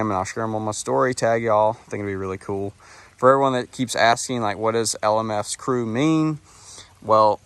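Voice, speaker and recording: A man's voice: lowish voice, no room sound. Laid-back young man, dry sound. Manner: laid-back, chatty, addresses viewers as y'all. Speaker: vlogger. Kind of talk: casual vlog talk to viewers. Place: outdoors by a vehicle in rain.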